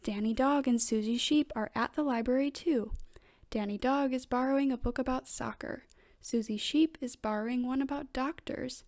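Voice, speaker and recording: A woman reading a children's picture book aloud in steady, gentle narration. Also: high voice, moderate pace. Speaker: storybook reader.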